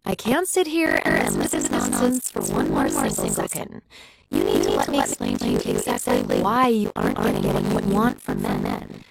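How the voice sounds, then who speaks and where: A woman's voice: very deep voice, wildly swooping pitch, normal speed, gravelly, over loud music, voice pushed down, exaggerated voice, rough recording. A woman voicing a brusque female dating coach who scolds her listeners. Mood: scolding. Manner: bossy, scolding.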